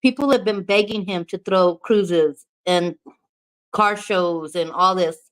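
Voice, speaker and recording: A woman's voice: medium pitch, rough recording. Woman vlogger just chatting away, laughs a lot, cusses, super casual. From New Mexico. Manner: chatty and candid, swears freely, laughs often. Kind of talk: casual chat to camera.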